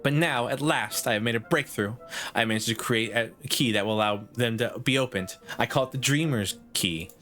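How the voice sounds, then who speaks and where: A man's voice: medium pitch, normal speed, bright, forceful tone, natural voice. Guy doing a snooty lady professor, valley girl lilt, lecturing, faint music behind. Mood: prim lecturing. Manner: prim, lecturing, clipped. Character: haughty woman professor who grades everyone.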